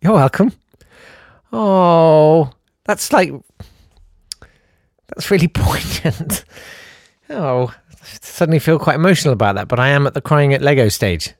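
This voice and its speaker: A man's voice: on the high side, a little slow, pauses often, dry recording, clean studio sound. A man hosting a podcast, reading out listener messages and reacting with self-deprecating, lightly theatrical humour. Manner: animated, self-deprecating, reads messages aloud with mock-dramatic voices. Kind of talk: casual chat.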